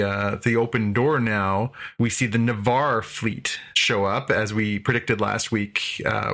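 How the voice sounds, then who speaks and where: A man's voice: lowish voice, a bit bright. A man hosting a podcast, recapping a TV episode casually, rambling with many fillers and paraphrasing the characters' lines. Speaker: podcast host.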